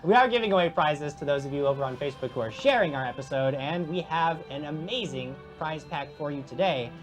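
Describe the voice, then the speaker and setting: A woman's voice: low voice, animated, fairly quick, faint music behind. Giggly woman hosting a tabletop stream. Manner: playful, giggly, promo-style announcing. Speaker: host and game master. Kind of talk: live-streamed tabletop game.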